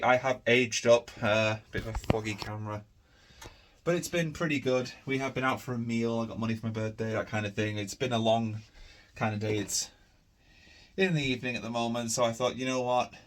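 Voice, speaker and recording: A man's voice: medium pitch, fairly even intonation, fairly quick, fairly bright tone. A tired man, chatting casually to camera in a rambling, easygoing vlog. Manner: rambling, easygoing, many fillers. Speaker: vlogger.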